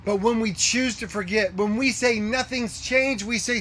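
Male pastor, high voice, earnest sermon delivery, hushes for emphasis. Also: normal speed. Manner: earnest preaching with rhetorical questions, drops to hushed tones.

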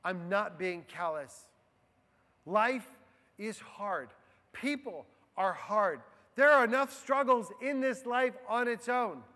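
A man preaching a sermon as a pastor, slow and deliberate, letting key phrases fall soft and quiet. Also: extremely high pitch, animated. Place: church. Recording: long hall reverb.

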